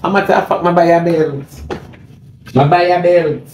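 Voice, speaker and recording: A man's voice: a little high, steady tone, moderate pace, darkish tone. A man with a Jamaican accent delivers a mocking, repetitive, confrontational rant on a livestream into a phone. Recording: echoey room, faint noise.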